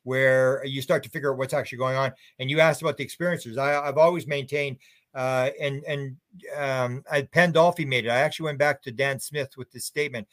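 A man's voice: medium pitch, fairly even intonation, fairly quick, fairly bright tone, no room sound. An older man as an author guest on a radio show, answering in a rambling and bluntly opinionated way with many restarts.

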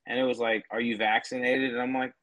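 A man's voice: mid-range voice, level tone, fast, a bit bright. A man co-hosting a casual podcast, talking bluntly and mockingly and swearing freely. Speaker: podcast co-host. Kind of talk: casual profane chat.

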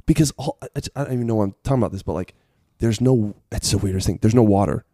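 A man from the United States in a casual chat, laid-back and joking as he tells a drawn-out story. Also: fairly low pitch, mellow, no room sound, clean studio sound. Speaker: podcast co-host.

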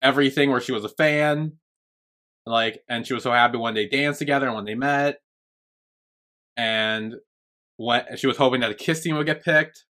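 A man's voice: medium pitch, normal speed, long pauses, pushed and bright. A man co-hosting a podcast, retelling a TV episode in a casual chat with lots of "like" fillers and restarts. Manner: rambling, filler-heavy retelling. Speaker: podcast co-host.

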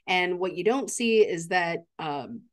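A woman's voice: fairly low pitch, a little slow. A woman co-hosting a podcast, eagerly retelling film scenes and acting out the characters' lines. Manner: enthusiastic, animated storytelling with acted-out quotes. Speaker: podcast co-host. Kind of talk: casual movie recap chat.

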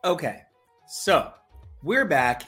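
A man hosting a podcast over a call, chatty and excitable, with lots of fillers and jokes. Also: fairly high pitch, takes it slowly, soft background music. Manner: excitable, many fillers, joking. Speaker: podcast host. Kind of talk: casual podcast chat. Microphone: remote call.

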